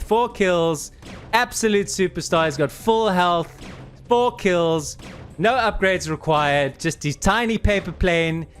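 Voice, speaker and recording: Guy casting a game, kinda high voice, excited and out of breath, bit of music behind. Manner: animated, urges players on, laughs in disbelief. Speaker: game caster. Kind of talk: excited esports commentary.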